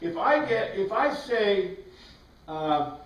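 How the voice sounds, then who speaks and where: In a high, sing-song voice and at a slow pace, a man leads a Bible class, walking through ideas step by step and asking his students questions. The lecture sounds roomy, recorded from a distant mic.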